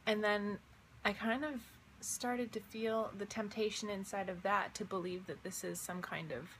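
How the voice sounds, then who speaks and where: Fresh out of bed, a young vlogger and visionary artist describes her dream at normal speed, her medium, slightly bright voice fairly even in intonation. She rambles and wonders aloud, leaning on lots of fillers, over slight background noise.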